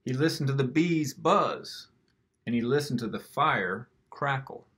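A man gently reading a picture book aloud to children, with an expressive storytelling manner. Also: mid-range voice, unhurried.

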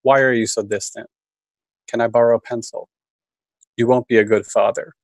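A man's voice: medium pitch, steady tone, moderate pace, no room sound, poor audio. A man reading his own list poem aloud at a student reading, understated and dry. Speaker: MFA student reader.

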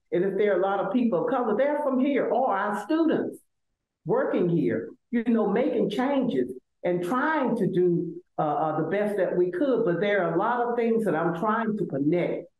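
Older Southern woman guest, emphatic and animated, echoey room. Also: medium pitch, normal speed, narrow, tinny audio. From Selma, Alabama. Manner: emphatic, animated, repeats words as she builds. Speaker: law school administrator, guest. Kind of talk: conversational interview.

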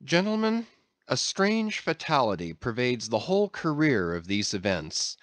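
A man's voice: medium pitch, no echo. A man narrating an audiobook with a dramatic storytelling delivery. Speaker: audiobook reader. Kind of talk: scripted narration.

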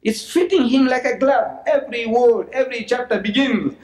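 A high-voiced man from South Africa delivers a religious lecture with lots of energy. He keeps repeating phrases for effect and throws in mocking asides, and the talk echoes around a large lecture hall. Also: normal speed, few pauses, darkish tone. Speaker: public lecturer. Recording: roomy lecture hall recording.

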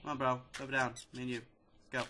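A man hosting a casual let's-play video, excitedly chattering at the characters in his game. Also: medium pitch, fast talker. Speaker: gaming video host. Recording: loud steady background noise.

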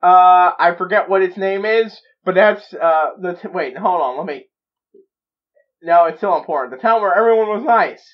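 A man's voice: high-pitched, normal speed, muffled recording. A man hosting a reaction video, talking in a giddy, rambling way full of stammered restarts. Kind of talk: excited reaction commentary.

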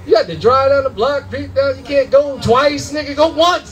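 A young adult man doing a loud, animated stand-up comedy set in a comedy club, full of profanity and acted-out voices. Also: very high voice, normal speed, hardly any pauses, a crowd in the background, poor audio.

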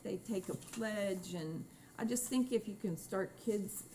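Woman, mid pitch, chatty board chair, storytelling with fillers, faint noise. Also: a little slow, poor audio. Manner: chatty, warm anecdotal remarks with fillers. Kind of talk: formal meeting remarks. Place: meeting room.

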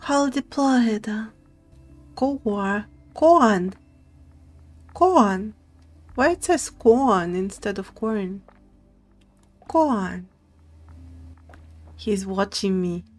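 A woman streamer giving soft-spoken, playful commentary over a puzzle game, reading game text aloud and giggling along. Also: mid-range voice, lively intonation, extremely slow, pauses often. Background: faint game music.

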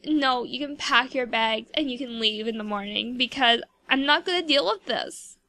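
A woman's voice: on the high side, normal speed, sharp tone. A woman voicing an angry young woman who lectures her partner in an exasperated tone while narrating a life-sim game.

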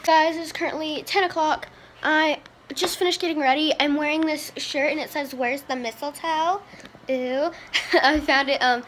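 A woman's voice: high-pitched, fairly bright tone, a little hiss or hum. A young woman, vlogging casually through her day, chatty and scattered, tired and hiccuping. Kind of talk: casual vlog chat to camera.

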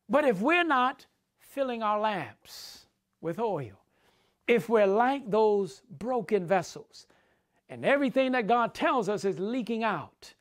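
A preacher giving a sermon, repeating key phrases for emphasis and speaking directly to the congregation. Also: medium pitch.

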